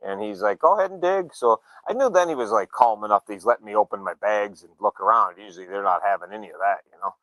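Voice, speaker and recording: Male storyteller, low and dry-miked, punchy tone, laid-back chat. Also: fast talker, hardly any pauses, no room sound, poor audio. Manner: relaxed, acts out quoted dialogue. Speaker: show regular, motorcyclist.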